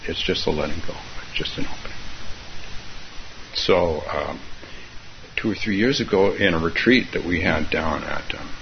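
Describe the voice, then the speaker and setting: Brief: male meditation teacher giving a halting dharma talk, lower voice, chuckles, lo-fi with faint hiss. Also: vocal fry. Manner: halting, repeats himself, chuckles often. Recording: dull lo-fi recording, faint hiss.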